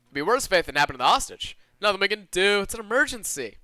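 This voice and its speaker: A man's voice: sits high, big pitch swings, racing, bright, forceful tone, dry recording, pitched above the performer's own voice, heavily acted. A man voicing jittery, bickering kidnappers. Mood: worried. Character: panicky adult male kidnappers, rough and bickering.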